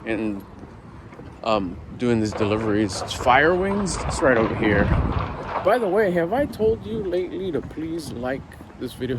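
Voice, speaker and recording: Fifty-something man, casual vlogger, rambling and reflective, middle pitch. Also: noisy background. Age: 50s. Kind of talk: casual vlog chat. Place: out and about running errands.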